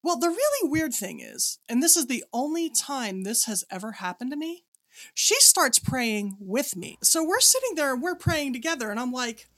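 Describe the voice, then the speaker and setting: A woman's voice: high-pitched, normal speed. Woman telling a ghost story. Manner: animated storyteller, acts out ghost dialogue. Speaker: podcast co-host. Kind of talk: casual storytelling chat.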